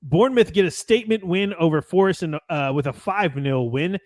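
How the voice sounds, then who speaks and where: An American man co-hosts a sports podcast, talking casually and somewhat ramblingly while reading match notes and occasionally swearing. His voice is fairly high and fairly quick, recorded in clean studio quality with no echo.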